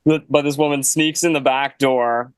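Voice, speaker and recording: Young guy rambling through a story, smooth clear voice, dry podcast mic. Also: mid-range voice, steady tone, moderate pace, no echo, rough recording. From Canada. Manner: laid-back, heavy use of "like" and "you know". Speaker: guest musician. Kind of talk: casual storytelling.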